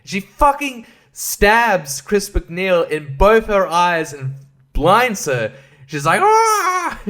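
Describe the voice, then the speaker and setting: Here the podcast host's voice is high and sharp as he rambles sarcastically through a film review, cursing often and cracking himself up.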